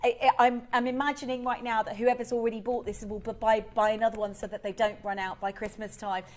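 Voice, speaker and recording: A woman's voice: on the high side, flat delivery, fast. Effusive woman presenting on shopping TV. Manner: effusive, chatty, enthusiastic selling. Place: TV studio.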